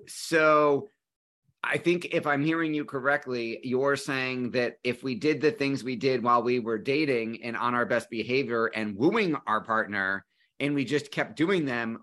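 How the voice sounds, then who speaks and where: A man's voice: mid-range voice, a little slow, fairly bright tone. A man in his forties hosting a podcast, agreeable and enthusiastic as he shares stories about his marriage. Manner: enthusiastic, agreeable, tells personal anecdotes. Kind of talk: podcast conversation.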